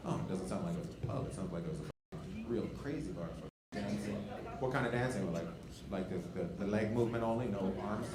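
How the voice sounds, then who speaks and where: A male comedian doing crowd work on stage, teasing and profane, dropping to low mutters and then shouting. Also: fast. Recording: echoey club with loud crowd noise. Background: loud laughing audience.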